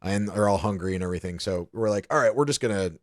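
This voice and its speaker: A young man from the American South with a lowish voice chats on a podcast, swearing freely as he tells a story. The sound is dry and close, with no room around it. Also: fast talker, dry recording. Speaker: podcast co-host. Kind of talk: casual chat.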